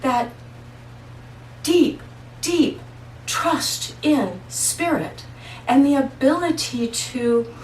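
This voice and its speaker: Slow, earnest woman in an echoey room. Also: high voice, recorded from a distance, a little hiss or hum. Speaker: holistic practitioner and intuitive. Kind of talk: casual storytelling monologue. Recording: echoey room, voice away from mic.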